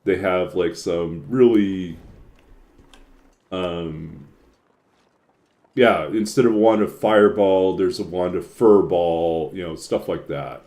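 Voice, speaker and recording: A man's voice: low voice, takes it slowly, long pauses, mellow. A man streaming a game and chatting casually, rambling with lots of filler words and frequent chuckles. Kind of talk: casual chat while playing.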